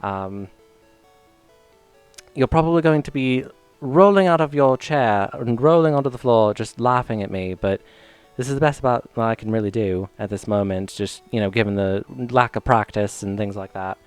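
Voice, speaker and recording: A man's voice: medium pitch, moderate pace, smooth, no room sound, soft background music, close to an everyday voice. A man voicing a theatrical character in a put-on British accent, sounding effeminate and hammy. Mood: hamming apologetic.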